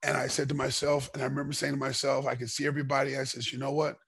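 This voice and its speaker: Middle-aged man, casual podcast guest and storyteller. Heavy gravel, husky rasp, dry close sound. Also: medium pitch, racing, no echo. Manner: animated storyteller, acts out dialogue. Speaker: podcast guest, former fighter.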